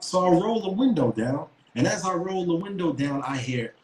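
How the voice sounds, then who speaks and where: A man's voice: fairly high pitch, lively intonation, normal speed, few pauses, darkish tone, a little hiss or hum. A man co-hosting a podcast, telling a story in a casual, emphatic, profane way with lots of restarts. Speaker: podcast co-host. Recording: roomy echo.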